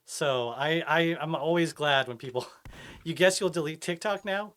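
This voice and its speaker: A man's voice: on the high side, moderate pace. A man streaming a game live, chatting casually and reading and answering his chat as he plays. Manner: animated, chatty, reads chat aloud.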